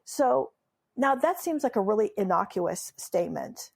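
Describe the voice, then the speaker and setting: Her mid-range voice swings widely in pitch and is husky with vocal fry, moving a little slowly. She's a Farsi-speaking memoirist and humorist from Iran, telling stories in an interview with an emphatic, playful delivery and lots of laughter.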